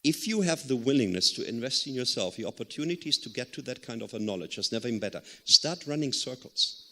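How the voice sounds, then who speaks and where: A man's voice: mid-range voice, lively intonation, fast talker, sharp tone. A man answering as a panelist, telling a story earnestly with some hesitant fillers. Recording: long hall reverb.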